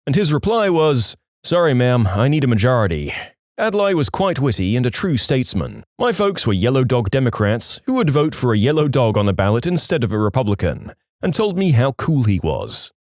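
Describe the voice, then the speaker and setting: A man narrating reddit stories aloud in a lively, varied storytelling delivery. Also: mid-range voice, brisk, no room sound, clean studio sound.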